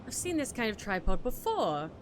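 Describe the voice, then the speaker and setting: A woman voicing a curious young woman explorer who speaks in a low, measured, musing way. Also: sing-song, slight background noise, natural voice.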